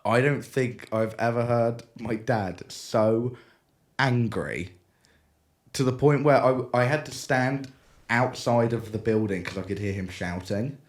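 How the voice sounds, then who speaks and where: A young British man with a mid-range voice co-hosts a casual podcast, speaking unhurriedly. He's animated, laughing through a long story of his own and acting out the voices of the other people in it.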